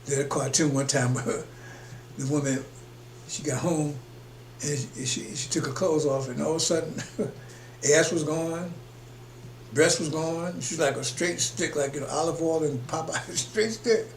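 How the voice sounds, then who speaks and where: Male preacher, raspy and fairly high-voiced, forceful and rambling, reverberant room. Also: fairly even intonation, moderate pace, pauses often. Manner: emphatic, rambling, chuckles between points. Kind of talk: preaching broadcast. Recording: echoey room with faint hum.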